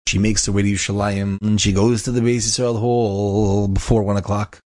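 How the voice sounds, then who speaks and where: A man's voice: on the low side, little pitch movement, normal speed, a little mellow, no room sound. A man telling an inspirational story, emphatic and repeating key phrases for effect. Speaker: inspirational speaker.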